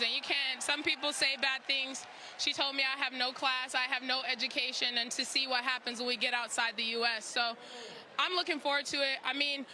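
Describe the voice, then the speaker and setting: A woman athlete answering calmly and pointedly in a post-match interview, played as a clip. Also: high voice, a little hiss or hum, rough recording.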